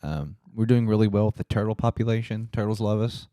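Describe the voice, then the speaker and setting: A man's voice: on the low side, a little fast, dark tone, no room sound, clean studio sound. A young man co-hosting a podcast, tossing in crude jokes and profane asides. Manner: wisecracking, profane banter. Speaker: podcast co-host. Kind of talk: casual chat.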